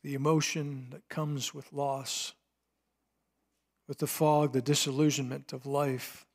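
A man preaching a sermon, retelling a scripture scene dramatically, swinging between hushed and emphatic delivery. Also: medium pitch, level tone, slow. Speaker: pastor.

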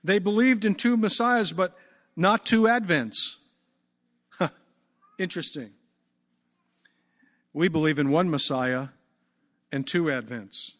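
A man preaching a sermon, emphatic, stretching key words out slowly. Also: fairly high pitch, fairly bright tone. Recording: long reverb.

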